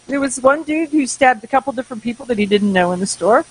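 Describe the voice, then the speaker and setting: A woman's voice: on the high side, quick pace, breathy edge, poor audio. A woman co-hosting a talk radio show, chatting casually and telling stories with open sarcasm. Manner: sarcastic, animated storytelling.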